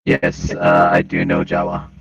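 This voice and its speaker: A man playing a tabletop game, speaking for his character in a low-key way. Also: a little slow, fairly bright tone, muffled recording. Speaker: player.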